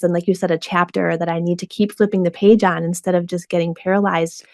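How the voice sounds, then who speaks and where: A woman's voice: fairly low pitch, steady tone, a little fast, hardly any pauses, a little mellow, no room sound, clean studio sound. A woman hosting a podcast, who affirms her guest and asks reflective questions. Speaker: podcast host. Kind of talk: conversational interview.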